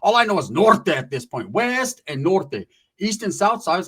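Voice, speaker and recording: A man's voice: high voice, sing-song, normal speed, breathy edge. A man telling a long story in casual, profane slang, acting out the voices of the people he quotes.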